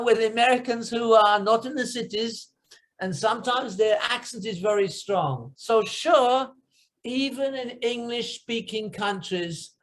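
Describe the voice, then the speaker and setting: A British-born man talking with students in simple, slow English, mixing in Indonesian words and emphatic exclamations. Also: high voice, fairly bright tone. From United Kingdom. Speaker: guest teacher. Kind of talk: classroom discussion. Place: classroom session.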